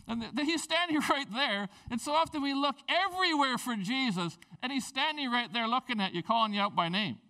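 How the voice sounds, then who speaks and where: A man preaching a conversational sermon, acting out the people in the story and swinging between loud bursts and hushed, intimate passages. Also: very high voice, animated, fairly quick, hardly any pauses. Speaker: pastor.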